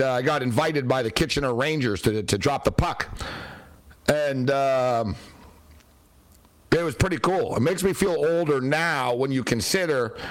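Man, middle-aged, casual livestream chat, rambling storyteller, blunt, sarcastic, mid-pitched voice. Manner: rambling storytelling with many fillers. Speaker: show host.

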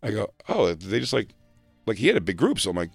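A man co-hosting a comedy talk show, telling stories in a casual, animated way and slipping into quick impressions of family members. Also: vocal fry, breathy edge, dry recording, soft background music. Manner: animated, jumps into high-pitched impressions of family. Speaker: podcast co-host.

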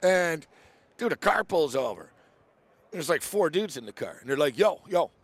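A man's voice: on the high side, very animated, moderate pace, breathy edge, no room sound. A man hosting a casual sports chat show, telling stories animatedly and acting out the people he quotes. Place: outdoors near a big event.

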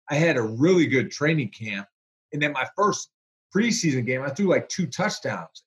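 A man, a former pro quarterback, telling stories in a relaxed interview with lots of fillers. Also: fairly high pitch. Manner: animated, chatty storyteller with fillers. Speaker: former NFL quarterback, guest. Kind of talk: casual storytelling interview.

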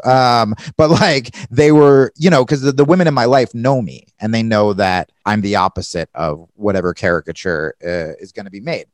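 A man's voice: fairly low pitch, normal speed, few pauses, no room sound. A young man in candid casual conversation as a podcast guest, rambling and swearing, often restarting his sentences.

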